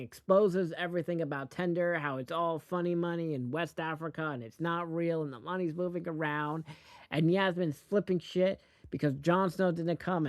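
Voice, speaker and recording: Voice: mid-range voice, no echo, clean studio sound. A host giving a casual, rambling and profane recap of a TV episode, speaking bluntly.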